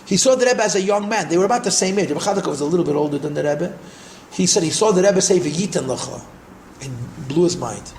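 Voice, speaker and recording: An older man with a high voice tells rabbinic stories, circling back through repeated phrases and dropping in Yiddish and Hebrew words. He is heard in an echoey room with a faint hiss of noise behind him. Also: fast. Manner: repetitive, animated storytelling sprinkled with Yiddish and Hebrew terms. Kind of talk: storytelling talk.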